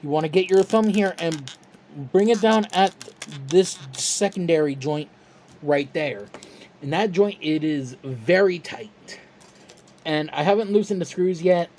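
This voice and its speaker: A toy reviewer talking through a step-by-step tutorial in a relaxed, chatty, self-deprecating way. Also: medium pitch, a little slow, a little hiss or hum.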